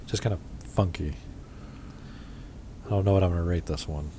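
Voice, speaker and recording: A man's voice: sits low, normal speed, background noise. A man with a Midwestern accent in casual chat, reviewing beers and joking bluntly with plenty of swearing. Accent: Midwestern American. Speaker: podcast host reviewing beers.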